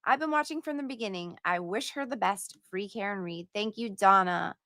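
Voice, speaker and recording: A woman's voice: medium pitch, normal speed, sharp tone, no room sound, studio quality. A woman hosting a casual livestream, reading out donor messages in a chatty, playful way. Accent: put-on accent at times. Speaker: livestream host reading donations.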